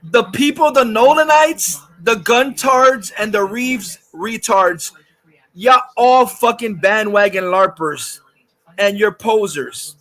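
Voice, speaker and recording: High bright-voiced man ranting angrily. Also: slow pace. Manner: profane, ranting, repetitive; reads chat comments aloud. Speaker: livestream host. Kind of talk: angry livestream rant.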